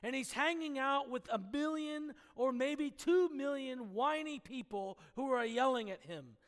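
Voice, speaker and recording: A man's voice: very high voice, animated, a little slow, a bit bright, long reverb tail. A man preaching a sermon, earnest and teaching, with playful asides where he chuckles at the story.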